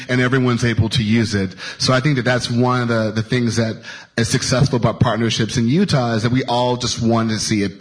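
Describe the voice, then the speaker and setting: A man's voice: mid-range voice, poor audio. A male panelist who works on transit projects, speaking in an upbeat way and laughing easily. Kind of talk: panel discussion answer.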